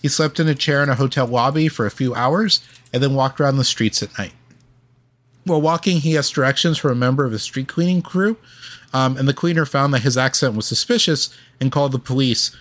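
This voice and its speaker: On a laid-back history podcast, a man reads from his notes with lots of ums and uhs. He's a co-host with a medium-pitched, slightly bright voice and a fairly quick delivery.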